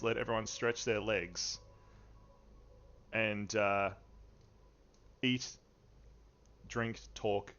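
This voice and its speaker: A man narrating a tabletop game as game master, unhurried and easygoing, with frequent fillers and chuckles. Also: lowish voice, a bit bright, slight background noise. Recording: dull lo-fi stream audio.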